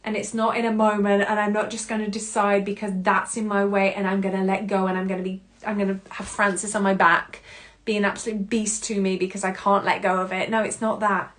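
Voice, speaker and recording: A woman hosting a podcast, giving an expressive self-help monologue and often breaking into laughter. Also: mid-range voice, a little fast. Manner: expressive, laughs often, acts out her own inner voice. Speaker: podcast host.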